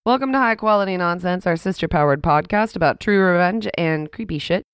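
A young woman co-hosting a chatty podcast with her sister, her voice a little low and notably smooth and clear. She talks loosely, laughing often and swearing without fuss. The sound is dry and close. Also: brisk, no room sound. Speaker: podcast co-host. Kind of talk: casual chat. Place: at a home. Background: cat in the room.

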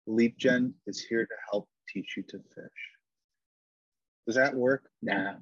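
A man's voice: medium pitch, fairly even intonation, takes it slowly, long pauses, dry recording, muffled recording. A man co-hosting a casual chat, joking and self-deprecating. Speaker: podcast co-host.

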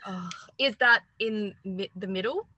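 A woman's voice: mid-range voice, unhurried, pushed and bright, breathy edge, dull audio. A woman with an Australian accent hosting a podcast, chatty and giggly, rambling between thoughts. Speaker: podcast host. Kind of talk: casual chat.

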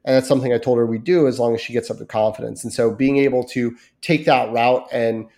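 A man's voice: mid-range voice, fairly even intonation, fast, mellow. Easygoing man in casual podcast chat. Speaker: podcast co-host.

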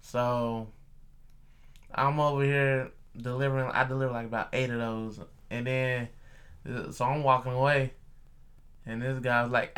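A young man, a delivery driver, telling a story in casual chat, animated and profane, acting out the voices of the people in it. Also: mid-range voice, normal speed.

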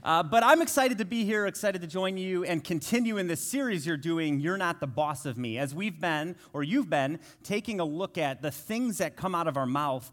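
As a guest preacher, a man in his thirties gives a conversational sermon in a fairly bright voice on the high side. His style is joking and self-deprecating, with family stories woven in.

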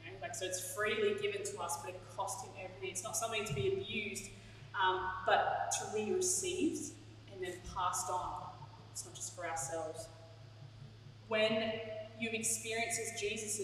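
A woman's voice: mid-range voice, slight background noise. Woman pastor, candid chatty sermon, heard from a distance in a big echoing hall. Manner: candid, chatty, laughs at herself. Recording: echoey hall, from far off.

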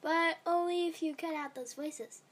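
A woman's voice: extremely high pitch, fairly even intonation, normal speed, fairly bright tone, pitched above the performer's own voice. A woman voicing a young female dragon, a fed-up big sister who speaks in an exasperated, pleading way.

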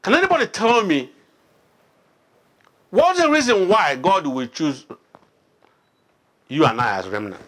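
Animated preacher man. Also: high-pitched, unhurried, pauses often. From Nigeria. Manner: quizzes the congregation with frequent questions. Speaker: pastor. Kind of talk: interactive sermon, Bible study.

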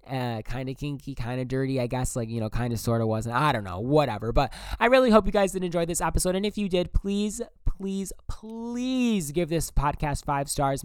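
A man's voice: a little high, smooth, no echo, studio quality. A young man hosting a solo podcast, talking bluntly and profanely in a rambling casual way full of "like". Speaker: podcast host.

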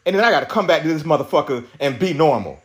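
A man's voice: on the high side, lively intonation, fast talker. A young man hosting a podcast, telling an angry story in a profane, agitated rant with many restarts. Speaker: podcast host.

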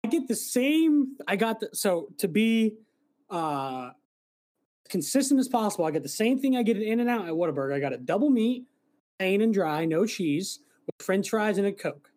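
A man's voice: high-pitched, big pitch swings, normal speed, a little mellow. Laid-back rambling man on a podcast. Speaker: podcast co-host. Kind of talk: casual chat.

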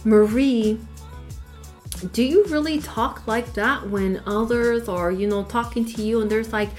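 A woman from El Paso, Texas, gives a scripture lesson in a fairly high voice. She is emphatic and preachy and keeps asking rhetorical questions. Soft music plays faintly behind her. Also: unhurried. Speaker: Torah teacher.

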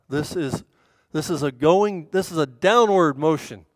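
A woman giving an earnest sermon and reading scripture aloud, swelling loud and emphatic on key points. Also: low voice, a little slow, dry recording. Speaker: women's speaker at a church service.

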